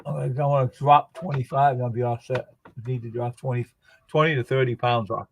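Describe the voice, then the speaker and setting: A man's voice: medium pitch, steady tone, fairly quick, vocal fry, slight background noise. A man chatting casually, telling rambling everyday anecdotes as a guest on a live stream. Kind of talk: casual chat.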